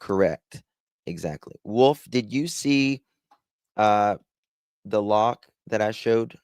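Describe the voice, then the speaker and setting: Southern guy rambling on a live stream, deep voice, dry close mic. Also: expressive, slow pace, a little mellow, clean tone, no echo. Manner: rambling, reads chat aloud and thanks viewers. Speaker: livestream host. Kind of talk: casual livestream chat.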